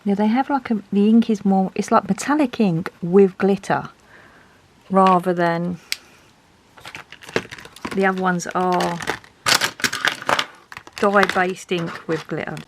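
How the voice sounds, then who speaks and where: A woman's voice: mid-range voice, fairly even intonation, slow pace, pauses often, very noisy. A woman, chatting casually and thinking aloud as she reviews art supplies.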